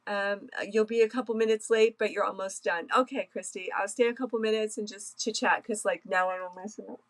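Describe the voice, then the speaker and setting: A woman hosting a craft live stream, chatting casually and emotionally with many pauses and soft laughs. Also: mid-range voice, fairly even intonation, rough recording. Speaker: craft livestream host.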